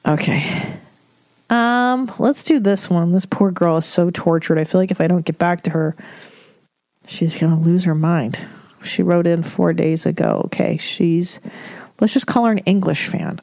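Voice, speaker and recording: Podcast host, woman comedian, blunt and foul-mouthed advice-giver, low mellow voice, dry close sound. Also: measured pace, dry recording. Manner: blunt, profane, candid advice with laughs. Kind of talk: advice podcast, reading listener emails.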